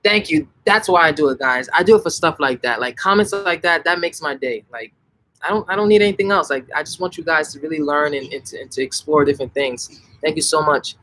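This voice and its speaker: A young man chats through a live Q&A for his viewers. His voice sits a little high, and his delivery is animated and emphatic, with lots of "like" and quick restarts. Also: rough recording. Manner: animated, emphatic, frequent self-corrections and "like". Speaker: language-learning channel host answering viewer questions. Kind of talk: casual live Q&A.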